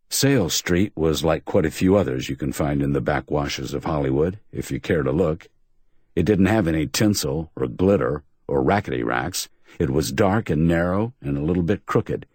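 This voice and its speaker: A man narrating a hardboiled crime audiobook in a measured storytelling manner. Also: rumbling low, a little mellow, husky, no echo, studio quality. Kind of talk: scripted narration.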